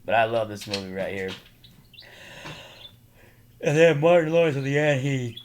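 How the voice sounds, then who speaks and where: A man's voice: mid-range voice, normal speed. Man, casual fan vlogger, mid-range voice, eager rambling retellings, noisy home take with birdsong. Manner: excited, rambling retelling of movie scenes with laughs. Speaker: movie fan showing his collection. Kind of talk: casual chat to camera. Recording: noisy home recording with birds chirping behind.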